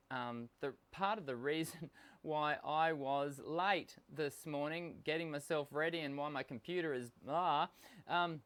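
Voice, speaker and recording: Hosting a live singing lesson as a voice coach, this Australian man talks in a casual, explanatory way despite being sick, with occasional coughs. His pitch is fairly high and a bit bright, and his speech is peppered with ums and restarts.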